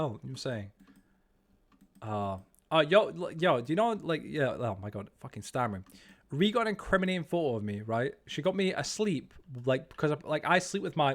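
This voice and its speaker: A man chatting casually while streaming a game. He rambles, swears freely, stammers and pokes fun at himself. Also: on the high side. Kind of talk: casual chat while gaming.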